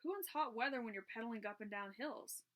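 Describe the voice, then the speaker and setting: A woman's voice: on the high side, fast, close to an everyday voice. A woman doing a blunt, sporty teenage girl. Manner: blunt, muttering.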